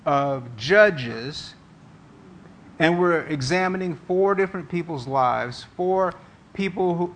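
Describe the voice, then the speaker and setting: A man's voice: a little high, slight background noise. A man preaching a sermon as pastor, earnest and conversational, often restarting his phrases.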